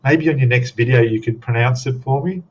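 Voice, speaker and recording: A man with an Australian accent and a brisk, mid-range voice hosts a scale model live stream, chatting casually, rambling, and reading chat comments aloud. The audio is dull, lo-fi stream sound with faint noise.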